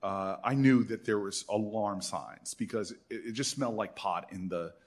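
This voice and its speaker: A man in his fifties, a senator, telling animated stories at an alumni event and acting out the people he quotes. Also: on the low side, normal speed. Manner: animated storyteller who acts out quoted voices. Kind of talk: storytelling speech.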